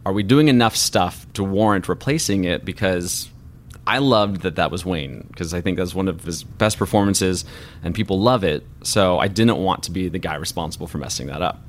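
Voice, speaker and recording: A man's voice: sits low, normal speed, a little hiss or hum. A man in his thirties, a voice actor guest in an interview, telling personal stories in an earnest, reflective and openly emotional way.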